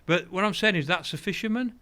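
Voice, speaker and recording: An older man, a guest telling fishing stories in an animated way, acting out the voices of the people he quotes. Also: high voice, fast. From England. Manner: animated, acts out quoted voices, laughs often. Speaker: guest, angling champion. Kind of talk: anecdotal storytelling.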